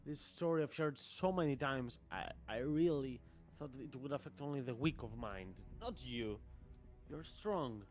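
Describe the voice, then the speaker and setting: Game master playing proud male kinsman, stern, measured, mid voice. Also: mid-range voice, animated, faint music behind, natural voice. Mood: stern lecturing. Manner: measured, lecturing. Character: proud male blood relative, stern and skeptical.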